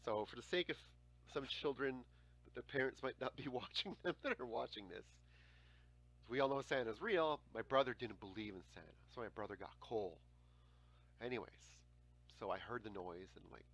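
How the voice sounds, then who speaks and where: A man in his forties hosting a casual livestream chat, telling stories in an animated way, with frequent swearing and laughter. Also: mid-range voice, a little fast, breathy edge, dry recording. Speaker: livestream host.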